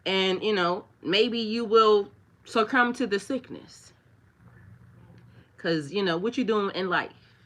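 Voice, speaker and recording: A woman talks casually to her livestream viewers in an unhurried, drawn-out way. Her voice has a bright, forward edge. She rambles with plenty of fillers and turns scornful when she talks about trolls. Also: mid-range voice. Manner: rambling and chatty, with many fillers, talking straight to viewers; mocking and scornful toward trolls. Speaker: spiritual livestream host.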